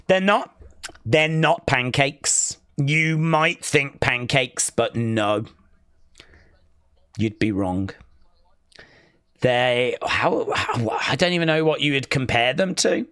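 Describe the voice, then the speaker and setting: A man hosting a live watch-along stream, chatting casually, reading out viewer comments and calling the action with sudden excitement. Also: medium pitch, slow, pauses often, clean tone, no echo, studio quality. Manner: excitable, chatty, reads chat aloud.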